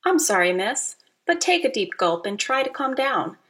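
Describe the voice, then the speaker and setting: A woman's voice: sits high, moderate pace. A woman doing a kind, soothing creek creature. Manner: friendly, calming.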